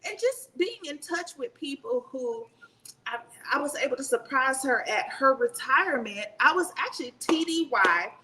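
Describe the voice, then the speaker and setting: A retired Army sergeant major in her fifties tells stories in a casual interview, animated and laughing as she talks. Her voice is high, her pace moderate, and there's background noise.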